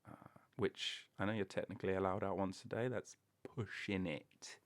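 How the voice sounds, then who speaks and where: A man hosts his own solo comedy podcast, talking alone into a recorder in a room. His voice sits on the lower side. He rambles from one tangent to the next with self-mocking jokes. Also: fairly even intonation, normal speed. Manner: meandering, self-mocking, chatty with jokey asides. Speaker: podcast host.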